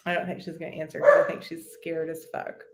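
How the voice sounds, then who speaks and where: A woman's voice: deep voice, sing-song, fast, reverberant, slight background noise. Blunt, profane woman streamer. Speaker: live-stream host. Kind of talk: casual live-stream chat.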